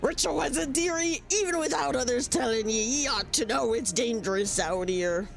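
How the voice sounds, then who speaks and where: A woman voicing a gruff male pirate sailor with a phlegmy, drunken growl, reading video game dialogue. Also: a little high, moderate pace, faint music behind.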